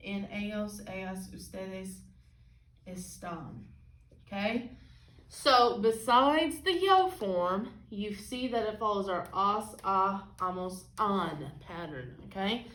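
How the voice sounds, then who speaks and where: A woman's voice: mid-range voice, slow pace, fairly bright tone, distant mic. A woman teaching a Spanish lesson at a whiteboard, asking "okay?" after nearly every phrase. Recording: echoey room, voice from off-mic.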